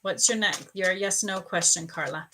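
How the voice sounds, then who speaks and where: Middle-aged female psychic streamer, gentle and endearing, bright tone. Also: on the low side, moderate pace, slight background noise. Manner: soothing, calls listeners dear and love. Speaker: psychic reader. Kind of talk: live-stream reading for viewers.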